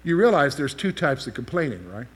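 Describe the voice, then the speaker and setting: A man's voice: mid-range voice, very animated, brisk, breathy edge. A man preaching a sermon, explaining scripture and asking the listeners questions as he teaches. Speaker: pastor.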